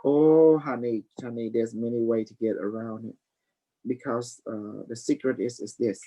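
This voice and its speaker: A man's voice: medium pitch, little pitch movement, normal speed, warm tone, poor audio. A man hosting a live stream, rambling loosely and preaching, dropping "you know" and calling people honey. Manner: affectionate, calls listeners honey. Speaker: livestream host.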